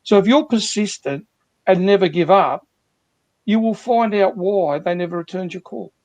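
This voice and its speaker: A man's voice: high voice, normal speed, a little mellow, dry recording. A man working as a sales coach, earnestly explaining techniques through repeated examples on a video call.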